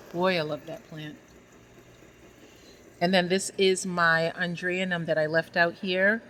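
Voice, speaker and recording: A woman's voice: fairly low pitch, fairly bright tone, slight background noise, rough recording. A woman vlogging a casual tour of her greenhouse, gushing affectionately and talking to her plants as she walks around with a handheld phone.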